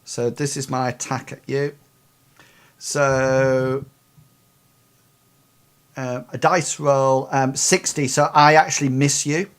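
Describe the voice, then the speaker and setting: Guy gm-ing a tabletop game, lots of ums, kinda halting, middle voice. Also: medium pitch, steady tone, clean tone. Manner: hesitant, many ums while explaining rules. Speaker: game master.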